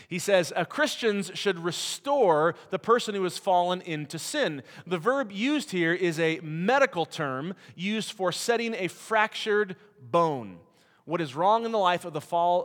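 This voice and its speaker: Man preaching, middle-aged, slightly high voice, conversational storytelling, long church hall reverb. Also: fairly bright tone. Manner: conversational, self-deprecating storytelling. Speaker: missionary preacher. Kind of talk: sermon.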